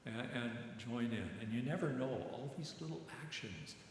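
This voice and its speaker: An older man gives a rambling, halting sermon reflection at a middle pitch, stumbling over repeated words as he tells his story. His voice rings through a very echoey church sanctuary with a long reverb tail and faint background noise. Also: expressive. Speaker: retired military chaplain giving a reflection.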